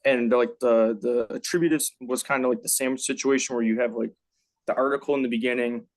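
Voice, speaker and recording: A man's voice: mid-range voice, fairly even intonation, a little fast. A male student in a class, hesitantly explaining his understanding and leaning on "like". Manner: hesitant, leans on "like". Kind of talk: asking questions in class.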